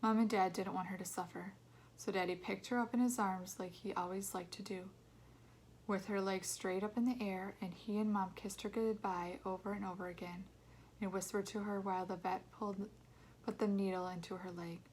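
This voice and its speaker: A woman reading a children's novel aloud in a soft, intimate way, often dropping to a whisper. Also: mid-range voice, fairly even intonation, normal speed, a little hiss or hum. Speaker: read-aloud narrator. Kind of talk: storybook narration.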